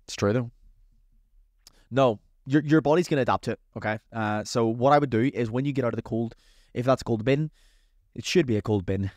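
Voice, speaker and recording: A man hosting a casual advice podcast as a coach, talking in an energetic, chatty, motivational way. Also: mid-range voice, brisk, dry recording, clean studio sound.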